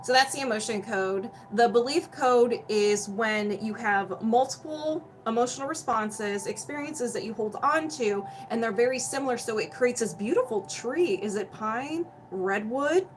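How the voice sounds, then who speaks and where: A woman's voice: on the high side, normal speed, hardly any pauses, slight background noise, rough recording. Bubbly woman hosting a healing livestream. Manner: bubbly, greets viewers by name, laughs often. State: hot and sweaty. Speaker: energy healing livestream host. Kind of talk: casual livestream chat and explanation.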